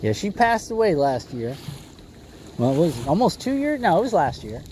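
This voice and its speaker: A man's voice: on the high side, big pitch swings, moderate pace, darkish tone, a little hiss or hum. A man hosting a fishing livestream from a small boat, talking in a rambling, jokey way and calling his viewers "bro" and "boys". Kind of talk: casual livestream chat while fishing. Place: small boat on a windy lake.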